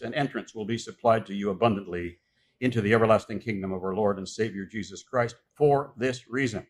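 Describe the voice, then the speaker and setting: A man delivers a sermon in a husky voice that ranges widely in pitch. He reads scripture passages aloud, then explains them with emphatic, repeated points. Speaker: pastor.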